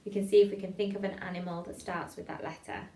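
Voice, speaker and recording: This drama teacher talks fast in a lowish, steady, dark-toned voice while leading online improv. She's chatty and encouraging and laughs at her own slip-ups, recorded from a distance in an echoey space.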